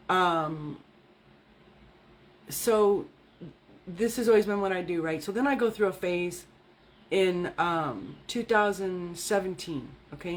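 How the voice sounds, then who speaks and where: A middle-aged woman, an energy healing and fitness coach, talking candidly and bluntly with plenty of swearing, often checking in with "right?" and "okay?". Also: on the low side. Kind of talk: candid casual monologue.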